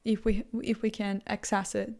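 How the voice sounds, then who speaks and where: A woman vlogging casually as she thinks out loud, her sentences wandering and full of "like" as she restarts her thoughts. She is playful and amused by her own asides, and her voice sits at an ordinary middle pitch. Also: flat delivery, normal speed, vocal fry. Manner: rambling, heavy use of "like", frequent restarts.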